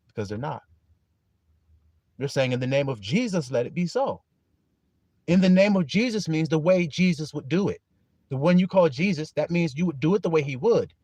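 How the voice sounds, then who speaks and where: A man preaching a livestreamed sermon in a folksy, animated way, calling on his listeners and laughing often. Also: on the high side, dry recording.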